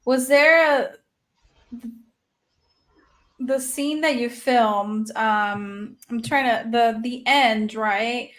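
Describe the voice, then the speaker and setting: A woman with a fairly high voice co-hosts a casual interview over a video call. She talks slowly, often pausing with "um" while she searches for the right words. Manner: hesitant, searching for words with many fillers. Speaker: co-host.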